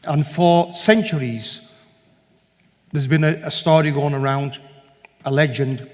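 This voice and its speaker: A man with a fairly high voice tells a personal testimony at a church event. He is an animated storyteller who acts out each bit of dialogue. He is recorded in a hall with a long, ringing reverb. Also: measured pace. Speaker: guest speaker giving a testimony.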